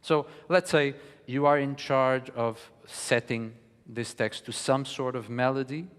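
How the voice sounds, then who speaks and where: A man giving a lecture on music, speaking in a measured, thoughtful way with frequent pauses. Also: medium pitch, fairly even intonation, clear, resonant tone. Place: studio hall. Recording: long reverb of a studio hall.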